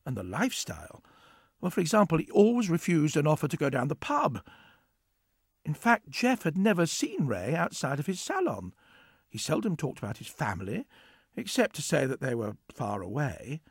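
Guy reading a story aloud, animated voice, pretty high, dry close sound. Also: moderate pace, vocal fry, breathy edge, no room sound. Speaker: narrator.

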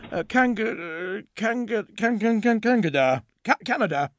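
A man reading a story who voices an odd, sheepish barber with a mumbling, halting delivery. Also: fairly high pitch, expressive, gravelly, slight background noise.

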